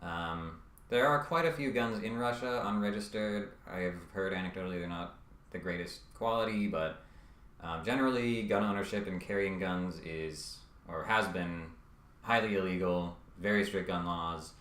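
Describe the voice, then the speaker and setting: Male commentator, deep voice, halting and wry, roomy sound. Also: a bit bright. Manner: hesitant, many ums and uhs, wry asides. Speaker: video essayist. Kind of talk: casual scripted commentary.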